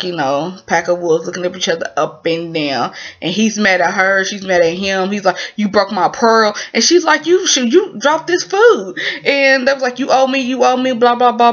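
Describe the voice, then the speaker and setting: A woman's voice: on the high side, dull audio. Chatty woman recapping a drama. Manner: chatty, animated, lots of fillers and asides. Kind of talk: casual spoken recap.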